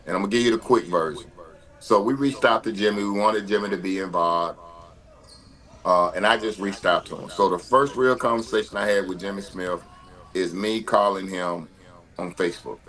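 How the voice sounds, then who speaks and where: Lower-voiced man telling stories. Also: moderate pace. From Mississippi, US. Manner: animated storyteller, frequent uh and repeated words. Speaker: guest. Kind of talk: conversational storytelling.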